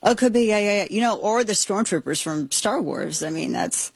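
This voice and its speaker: A woman's voice: medium pitch, expressive, moderate pace, creaky, a crowd in the background. A woman hosting a talk radio show, reacting with incredulous, joking exclamations. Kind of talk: casual talk radio commentary.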